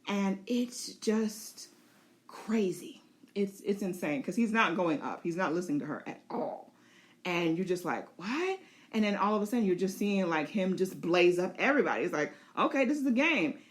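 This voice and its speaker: A woman's voice: lowish voice, brisk. A woman host giving a casual, chatty recap of a TV episode, with laughing asides. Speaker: show host.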